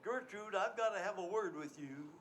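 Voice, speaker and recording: A guy doing a deadpan seagull husband in a stage gag, kinda high voice. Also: moderate pace, a little hiss or hum. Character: male seagull, sober, henpecked husband.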